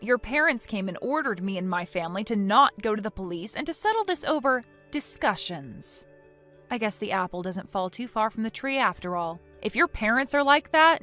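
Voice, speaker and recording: Tts woman voice, bright and crisp, cold and firm, text story reading. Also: mid-range voice.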